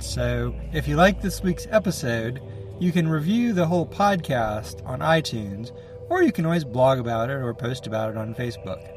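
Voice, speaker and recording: A man hosting a fiction podcast, giving a casual, wry intro and announcements. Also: mid-range voice. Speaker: podcast host.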